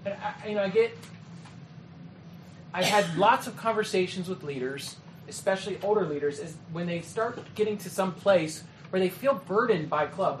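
A man giving a training talk to youth ministry leaders in a conversational way, often checking in with "okay?" and "right?" and acting out quick exchanges. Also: sits high, a bit bright, slight background noise. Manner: acts out quick quoted exchanges. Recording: echoey room with faint ambience.

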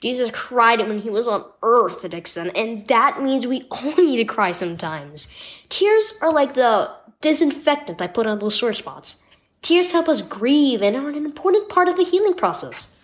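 Woman reading as a gentle, reassuring mother. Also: a little high, very animated, moderate pace. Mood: comforting. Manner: soft, reassuring. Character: gentle caring mother comforting her son.

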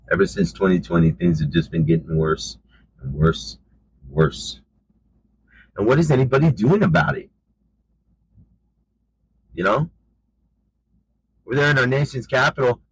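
A man's voice: low voice, breathy edge, rough recording. A man preaching an informal sermon in an emphatic, conversational way, often saying "you know".

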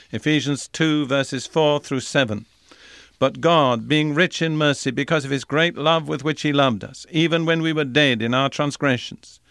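A man giving a recorded Bible teaching in an earnest, measured way, reading scripture passages aloud between his own remarks. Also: mid-range voice, fairly bright tone, no room sound, studio quality.

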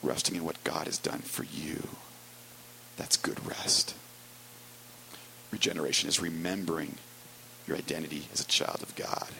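Gravelly, bright-voiced preacher man. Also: extremely low pitch, fairly even intonation, a little hiss or hum, poor audio. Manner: wry, storytelling with quick asides. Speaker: pastor. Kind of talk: conversational sermon.

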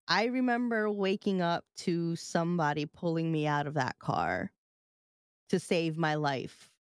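Low-voiced woman telling a rambling story. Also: no echo, studio quality. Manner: rambling, many filler "like"s. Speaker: podcast co-host. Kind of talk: casual chat, personal storytelling. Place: live-streamed podcast studio.

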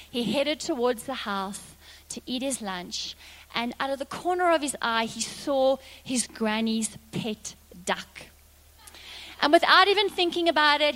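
A woman preacher telling a story in a sermon, in a lively, dramatic way. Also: fairly high pitch.

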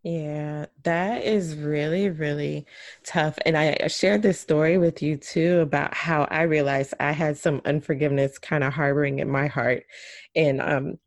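A woman's voice: low voice, steady tone, measured pace, no room sound. A woman hosting a podcast for moms, asking her guest long framing questions and laughing along. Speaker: podcast host. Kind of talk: interview.

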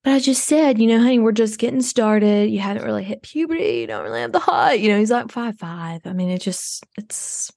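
Woman doing a self-absorbed rich suburban mom, gravelly, rambling, for a comedy podcast, dry sound. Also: mid-range voice, big pitch swings, brisk, hardly any pauses, a little mellow, dry recording. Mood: rambling, chatty. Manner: rambling, breathless oversharing.

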